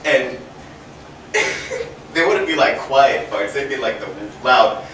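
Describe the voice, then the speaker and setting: A man's voice: mid-range voice, animated, takes it slowly, a bit bright. A young man telling a rambling stand-up story, laughing at his own jokes and often saying um, recorded from a distance in a very echoey room. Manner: self-deprecating, laughs at his own jokes, many ums. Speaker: amateur stand-up comedian. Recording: distant mic, very echoey room, faint ambient noise.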